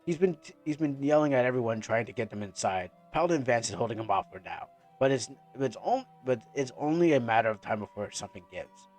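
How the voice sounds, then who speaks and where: A man voicing a rough-spoken game character urging the hero on, in a halting, attempted lilt. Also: mid-range voice, expressive, darkish tone, soft background music, close to an everyday voice. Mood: urgent.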